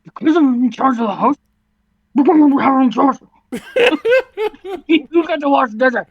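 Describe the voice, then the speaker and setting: A woman co-hosting a comedy podcast, loudly reading character lines in exaggerated voices and laughing. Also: high voice, lively intonation, measured pace, highs cut off. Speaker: podcast co-host. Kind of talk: casual comedic banter.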